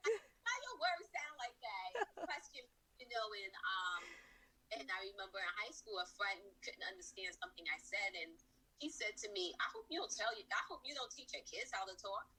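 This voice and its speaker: A woman's voice: mid-range voice, a little fast, sharp tone, breathy edge, distant mic, low-quality recording. A woman guest chatting in a reflective, earnest way, with lots of filler words. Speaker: podcast guest. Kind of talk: casual conversation.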